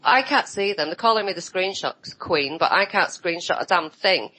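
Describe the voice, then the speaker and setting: A woman's voice: fairly low pitch, lively intonation, moderate pace, pushed and bright, slight background noise, poor audio. A woman on an online roundtable, talking bluntly and sarcastically and mimicking other people's voices as she tells her side. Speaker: roundtable guest. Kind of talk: casual online roundtable chat.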